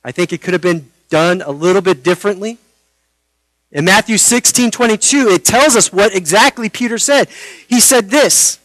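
High, bright-voiced male preacher. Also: no echo, rough recording. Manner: earnest preaching with dramatic pauses and rhetorical questions. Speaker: pastor. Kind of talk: sermon.

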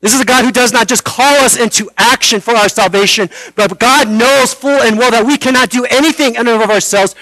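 A man preaching a sermon, earnest, with dramatic pauses and rhetorical questions. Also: very high-pitched, pushed and bright, dry recording, poor audio. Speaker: pastor.

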